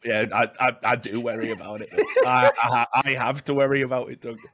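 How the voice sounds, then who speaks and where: A man's voice: medium pitch, steady tone, fairly quick, fairly bright tone. Swearing, rambling man. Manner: swearing, rambling anecdotes with stammered restarts. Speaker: podcast host. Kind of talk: casual esports podcast chat.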